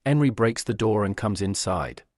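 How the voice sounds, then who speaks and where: A man's voice: on the low side, animated, normal speed, darkish tone, no echo. Dry-voiced man narrating a comic recap. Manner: plain summarizing delivery.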